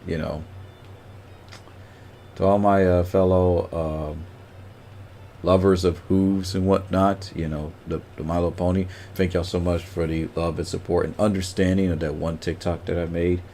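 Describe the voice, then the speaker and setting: A man's voice: sits low, steady tone, moderate pace, warm tone, slight background noise. A man chatting casually on a livestream, greeting viewers by name and rambling with lots of fillers.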